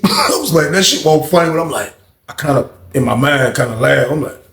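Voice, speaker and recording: A man tells a story in a loose, profane, conversational way, leaning on fillers as he goes. His voice sits at a middle pitch with a gravelly edge. The room around him is echoey. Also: a little fast, a crowd in the background. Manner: casual, profane, lots of fillers. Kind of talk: casual storytime about prison.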